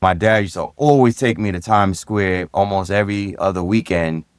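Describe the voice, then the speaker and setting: A middle-aged man from Brooklyn with a New York accent, a guest telling relaxed stories about his upbringing in an interview. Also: low voice, moderate pace, clean tone, no room sound. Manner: easygoing, reflective, repeats phrases. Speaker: guest, retired police lieutenant and DJ. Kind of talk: casual interview storytelling.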